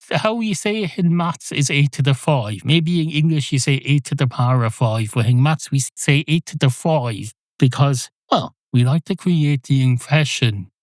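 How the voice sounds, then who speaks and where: A man's voice: medium pitch, a little mellow, no room sound, lightly acted. Indignant elderly Irish maths teacher , done by a man, pompous rant, dry close sound.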